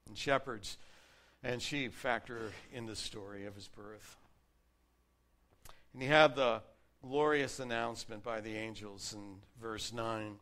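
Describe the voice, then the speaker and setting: A man preaching a sermon, earnestly reading and explaining scripture, varying his loudness for emphasis. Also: on the low side, measured pace.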